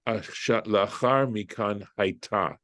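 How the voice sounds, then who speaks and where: Slow, halting male rabbi teaching. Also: on the low side, a bit bright, no room sound. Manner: reads Hebrew then translates, thinking aloud; halting, with restarts while reading. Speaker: rabbi teaching Torah study. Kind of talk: text study lesson.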